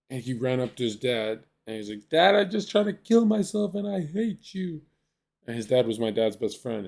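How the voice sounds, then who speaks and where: A man from Canada hosting a stream. He tells stories in a crude, animated way and acts out the voices of the people he quotes. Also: medium pitch. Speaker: streamer host. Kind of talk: casual storytelling on stream.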